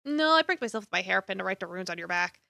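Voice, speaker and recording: A calm young woman talks in soft, measured tones, voiced by a woman streamer. She sounds a little lower and quieter than the streamer's usual bright voice, and the recording stays close and dry. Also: vocal fry, dry recording, full character voice. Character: calm, steady young woman, gently reassuring.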